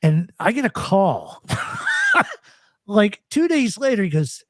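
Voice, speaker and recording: Man, talk show host, casual storytelling, animated, dry close sound. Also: sits high, a little slow, pauses often, no echo. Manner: animated storyteller, acts out quoted voices. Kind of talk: casual live chat storytelling.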